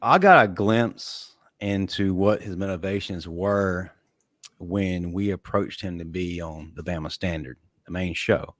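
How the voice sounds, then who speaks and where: Man, sports show co-host, low voice, hesitant storytelling, dry sound. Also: a little slow, a bit bright, dry recording.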